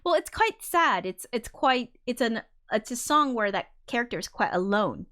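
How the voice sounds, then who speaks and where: A woman's voice: fairly high pitch, very animated, moderate pace, sharp tone. A woman hosting a casual livestream, thinking aloud as she explains her songs and now and then singing a line to show what she means. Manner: demonstrates by briefly singing lines. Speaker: livestream host and songwriter.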